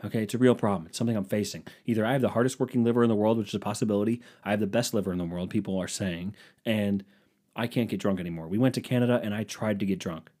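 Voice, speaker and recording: A man's voice: lowish voice, racing, mellow. A young man hosting a solo podcast, ranting in a sarcastic, self-mocking, rambling way. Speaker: podcast host. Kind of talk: solo comedic podcast rant.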